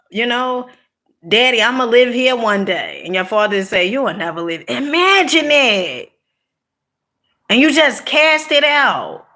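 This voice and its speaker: A woman's voice: a little high, sharp tone. A middle-aged woman giving a casual motivational talk, preachy and direct, coaxing her listeners with frequent "okay?" and "you know", laughing between points. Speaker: motivational speaker.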